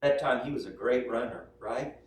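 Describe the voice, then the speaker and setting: A man with a mid-range voice lectures a class at a moderate pace, over soft background music. His chatty teaching mixes in personal anecdotes, and he often ends sentences with "right?" and "yes?". The mic is distant in a roomy space with faint room noise.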